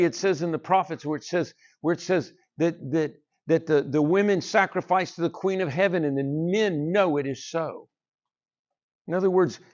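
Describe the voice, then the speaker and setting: Emphatic preacher, lo-fi sound. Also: male voice, fairly high pitch. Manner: emphatic, repetitive preaching with rhetorical questions. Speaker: pastor. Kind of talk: sermon. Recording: dull lo-fi church recording.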